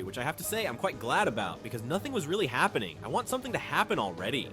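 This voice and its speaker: A man giving a chapter recap as a manga commentator, opinionated and quick to scoff at fan theories. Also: medium pitch, huge pitch swings, over music.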